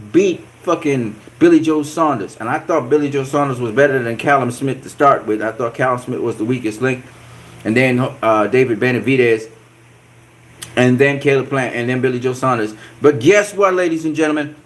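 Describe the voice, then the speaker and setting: Male boxing vlogger, animated and profane, casual delivery. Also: medium pitch, normal speed. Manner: animated, profane trash-talk with repeated catchphrases and laughs. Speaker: boxing channel host. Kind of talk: casual boxing commentary vlog.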